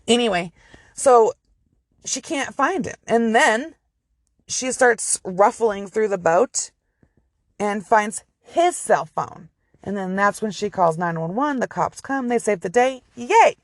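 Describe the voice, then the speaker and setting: A woman's voice: mid-range voice, animated, takes it slowly, no room sound, clean studio sound. A woman casually telling a true crime story from inside her car, chatty and profane with rambling asides.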